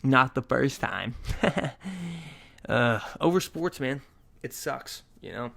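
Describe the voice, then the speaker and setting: A podcast host in his twenties rambles loosely on his own show, swearing freely, telling jokey stories and now and then bursting into sudden energy. His mid-range voice is expressive, slow, gravelly and a bit bright.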